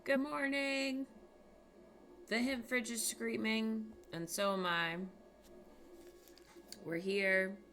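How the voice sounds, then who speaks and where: A young woman hosting a livestream, chatting casually with viewers in a soft, quiet morning voice into a small desk microphone. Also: medium pitch, takes it slowly, long pauses, a little hiss or hum. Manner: soft-spoken, chatty, reading out chat messages. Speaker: livestream host. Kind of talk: casual chat with stream viewers.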